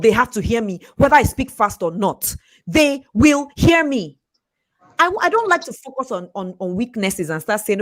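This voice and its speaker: A woman giving a fast, emphatic motivational talk, laughing often. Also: medium pitch, animated. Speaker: speaker and coach.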